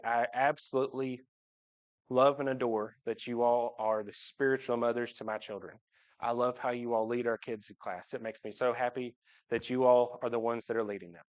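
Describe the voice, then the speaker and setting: A man, speaking to his church congregation about his family in a joking, heartfelt way. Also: mid-range voice. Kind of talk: personal church talk. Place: church sanctuary, at the front. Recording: dull livestream audio.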